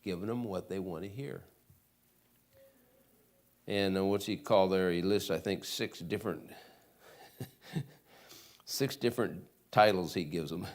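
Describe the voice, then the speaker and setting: Low-voiced michigan guy teaching sunday school, reads verses slow and loud then chats. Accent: Michigan American. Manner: reads verses slowly and loudly, chats asides. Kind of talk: Bible lesson reading scripture aloud. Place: church classroom.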